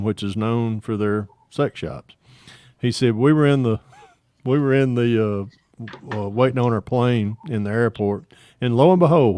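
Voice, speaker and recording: A man's voice: medium pitch, a little mellow, dry recording. A man with a Southern accent casually telling a rambling joke story on a live hangout, laughing through his punchlines. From Atlanta, Georgia area.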